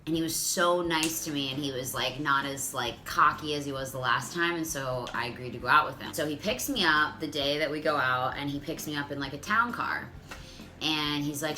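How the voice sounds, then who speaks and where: A woman's voice: rumbling low, a little fast, pushed and bright, soft background music. A woman in her thirties telling a dating story to her viewers in a chatty, profane way, full of "like.". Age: 30s. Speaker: vlogger. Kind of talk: casual storytelling to camera.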